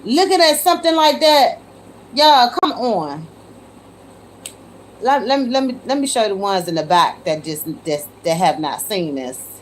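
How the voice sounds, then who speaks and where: A woman with a fairly high voice chats on a casual phone livestream, talking straight to her viewers. She keeps calling them y'all and breaks into exclamations of disbelief, with a faint hiss under her voice. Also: sing-song, measured pace. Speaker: livestream host. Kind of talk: casual live chat with viewers.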